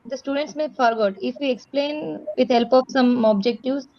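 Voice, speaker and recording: A woman teacher answers a trainer's questions over a video call. Her voice sits somewhat high and sounds muffled and dull. She speaks politely and formally, tagging sir onto her phrases. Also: moderate pace. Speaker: schoolteacher.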